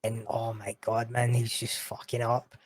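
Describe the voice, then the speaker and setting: A Scottish man spins long stories in a relaxed chat, animated and full of swearing. His voice sits at an ordinary middle pitch. The recording is dry and close. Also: normal speed, no room sound. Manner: animated, sweary, quotes others in raised voice. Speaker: guest. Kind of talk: casual storytelling chat.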